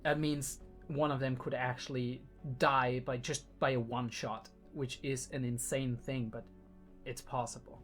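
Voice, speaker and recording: Young guy, english not his first language, rambling reaction chat with lots of ums, soft music behind. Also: medium pitch, flat delivery, a little slow. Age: young adult. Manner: rambling and thinking aloud, with many ums and restarts. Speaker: reaction video host. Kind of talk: casual reaction commentary.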